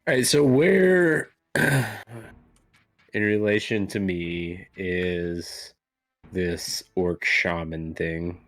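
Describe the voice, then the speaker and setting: A man playing a tabletop game, talking slowly and hesitantly while checking his rules and spells. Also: deep voice, a bit bright, dry recording. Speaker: player. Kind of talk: casual tabletop game chat.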